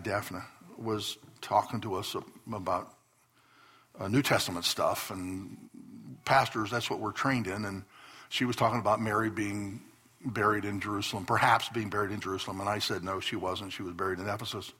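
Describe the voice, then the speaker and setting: In a church hall, a male pastor preaches to his congregation, telling stories with earnest bursts of emphasis. His voice is medium in pitch, husky, with a sharp tone.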